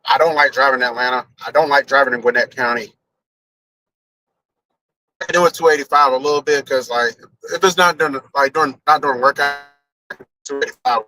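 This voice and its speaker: Guy talking on a stream from his car, bright sharp voice, rambly, cusses a lot. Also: mid-range voice, brisk, pauses often, low-quality recording. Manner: rambling, loose, swears casually, thinks aloud. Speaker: live streamer. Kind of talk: casual chat while driving on a live stream. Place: in a car on a highway.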